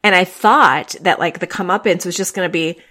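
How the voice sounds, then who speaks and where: A woman hosting a podcast, chatting casually and retelling scenes in a rambling, excited way. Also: fairly low pitch, a little fast. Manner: chatty, with frequent fillers and restarts, retelling scenes. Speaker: podcast host. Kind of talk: casual chat about TV dramas.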